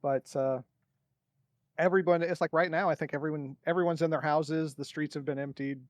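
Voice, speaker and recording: A man's voice: fairly high pitch, fairly even intonation, fairly quick, no room sound. A man playing in a tabletop game, talking things through in a chatty, reasoning way. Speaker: player. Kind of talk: casual tabletop role-play.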